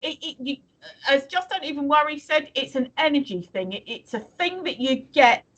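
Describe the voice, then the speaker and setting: A woman's voice: sits high, lively intonation, moderate pace, a bit bright. A woman from the UK co-hosting a live stream, chatting casually and rambling with many restarts. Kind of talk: casual chat reading viewer comments.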